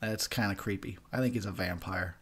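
A man's voice: low-pitched, fairly even intonation, brisk, fairly bright tone, slightly rough. A young man giving a tipsy, profane movie commentary, rambling and laughing at his own jokes. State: tipsy from beer.

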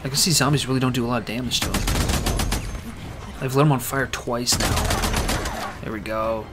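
A man's voice: medium pitch, steady tone, a little fast, very noisy. A man giving casual, joking commentary while he plays a video game. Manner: laid-back, joking. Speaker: gamer. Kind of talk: casual let's-play commentary.

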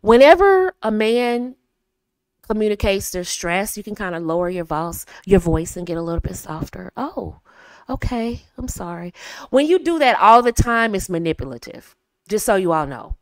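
A woman hosting a coaching talk for women. She is animated and acts out little dialogues in a sweet, high voice. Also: moderate pace, clean tone, no echo, studio quality. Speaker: host.

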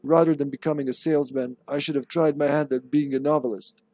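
A self-pitying would-be novelist facing his end, as a man puts him on. He reads his last words in a melodramatic, mournful way, a touch higher than a plain speaking voice. The figure comes from a survival horror game. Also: steady tone, fast, a little mellow, dry recording, natural voice.

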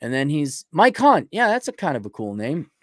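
A man's voice: fairly high pitch, wildly swooping pitch, moderate pace, no echo, studio quality. A man co-hosting a livestream, joking around casually and trailing off as he thinks aloud. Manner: playful, jokey, trails off while thinking. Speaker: livestream co-host.

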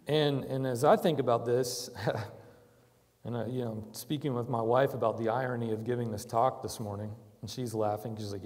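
A man giving a conversational sermon to a church, moving from quiet reflection to loud, emphatic urging. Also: mid-range voice, fairly even intonation, moderate pace, long reverb tail, a little hiss or hum. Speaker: church speaker.

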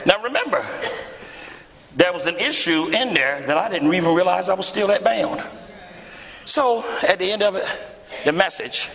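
A male pastor preaching to a congregation, telling a story in a lively, theatrical way and acting out the dialogue. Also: creaky. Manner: animated, acts out dialogue with big pitch swings. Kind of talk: storytelling sermon. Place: church hall before a congregation. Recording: echoey church hall.

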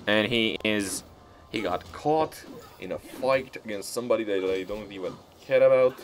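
A man's voice: on the low side, normal speed, slight background noise. A man giving casual, profane gameplay commentary as a let's-player, talking back at the game as he plays.

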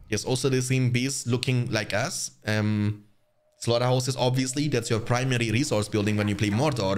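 A young man commentating his own strategy game match for viewers, chatty and quick to get excited. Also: mid-range voice. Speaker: gaming channel host. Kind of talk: live gameplay commentary.

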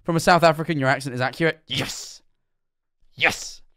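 A man's voice: a little high, steady tone, normal speed, sharp tone, dry recording, clean studio sound, soft background music. A young man casually commenting while reacting to a video, chatty and self-mocking, stumbling over words.

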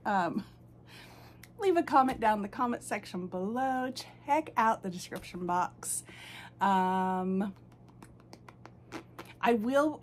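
A woman hosting her doll channel, who gushes with excitement and coos to her dolls. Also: mid-range voice, a little hiss or hum. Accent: American. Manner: gushing, excitable, lots of "oh my goodness"; baby talk to her dolls. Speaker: reborn doll channel host. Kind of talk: unboxing vlog chat.

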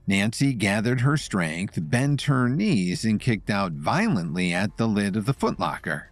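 A man narrating a scripted story in an expressive storytelling manner. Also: lowish voice, measured pace, no room sound, soft background music.

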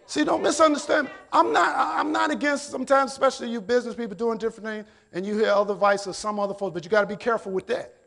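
High-pitched gravelly preaching man. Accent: American. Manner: preaching with shouted, drawn-out exhortations. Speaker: pastor. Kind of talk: sermon. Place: church sanctuary.

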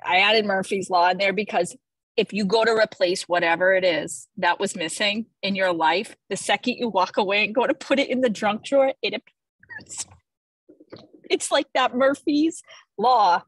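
A woman's voice: medium pitch, moderate pace, husky, dry recording, low-quality recording. A woman hosting a casual video call, presenting the week's content playfully and enthusiastically with jokey asides. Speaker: host presenting weekly social media content.

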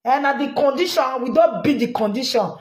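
A woman with a Nigerian Pidgin accent giving animated, scolding commentary, laughing often and repeatedly urging viewers to like and share. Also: high-pitched, a little fast, echoey room. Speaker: commentary vlogger. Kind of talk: live social media commentary.

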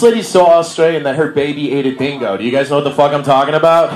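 Performing stand-up in an echoey bar, a young Milwaukee, Wisconsin native delivers a loose, slang-heavy set and laughs at his own lines. His voice is a little high, expressive, and fairly quick.

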